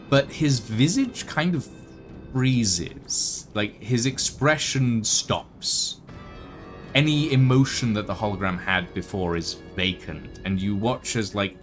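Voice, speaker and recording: A man narrating a tabletop game as game master, in slow, hesitant description with many fillers. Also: on the low side.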